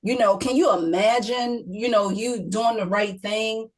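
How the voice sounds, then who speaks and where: A woman's voice: fairly high pitch, fairly even intonation, measured pace, rough recording. A middle-aged woman, a guest author, telling an emotional personal story in an interview, often repeating herself and quoting others.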